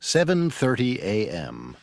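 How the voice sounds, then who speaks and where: Man announcing lesson units, slow and careful, varied pitch, dry studio. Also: huge pitch swings, creaky, a little mellow, no room sound. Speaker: unit announcer. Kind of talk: scripted course announcements.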